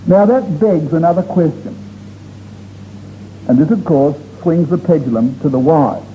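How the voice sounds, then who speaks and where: A man preaches earnestly and emphatically to his congregation, stretching out key words for stress. His voice is on the high side and a little slow. The dull lo-fi recording has faint noise.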